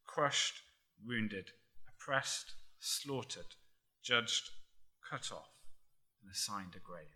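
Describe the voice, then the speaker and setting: A man preaching a sermon in a measured, emphatic way, dropping almost to a murmur on key words. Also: medium pitch, pushed and bright.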